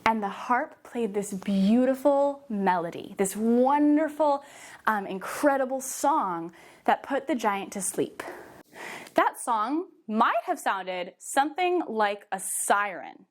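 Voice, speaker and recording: High, animated woman leading kids. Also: takes it slowly. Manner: animated, coaxing, sing-song instructions. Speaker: children's theater teacher. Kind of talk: guided movement storytelling for kids.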